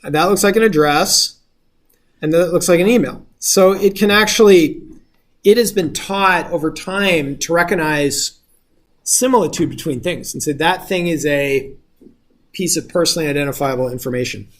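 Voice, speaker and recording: A man's voice: on the high side, normal speed. A male instructor giving a casual lecture, explaining step by step and often checking if the class follows.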